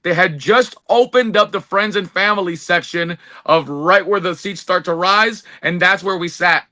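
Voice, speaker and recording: A man with a high, very bright voice talks in casual podcast chat. He rambles with excitement and often restarts his sentences as he tells a story. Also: moderate pace. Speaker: podcast co-host.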